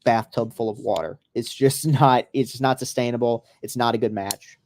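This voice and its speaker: A man's voice: medium pitch, fairly even intonation, normal speed, a little mellow, a little hiss or hum. A man hosting a casual podcast, chatting loosely over a live baseball game with profane, rambling asides. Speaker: podcast host.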